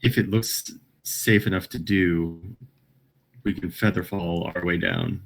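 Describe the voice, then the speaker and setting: A man's voice: low voice, fairly even intonation, a little slow. A man playing a tabletop game, talking in a hesitant, polite way. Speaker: player. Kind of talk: casual tabletop play.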